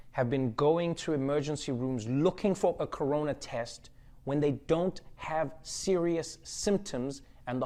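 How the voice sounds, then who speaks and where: A man hosting a comedy show from home, delivering a casual, playful monologue with sudden loud jumps. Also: mid-range voice. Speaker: late-night comedy host.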